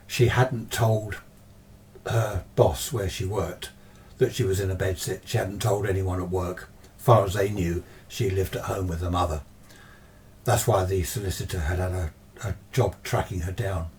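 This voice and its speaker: A man narrating a ghost story in a loose, chatty way, with a fairly low voice. He sounds set back from the mic, and a faint hiss runs underneath. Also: steady tone, moderate pace, darkish tone, recorded from a distance. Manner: conversational, meandering retelling. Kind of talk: casual spoken ghost story.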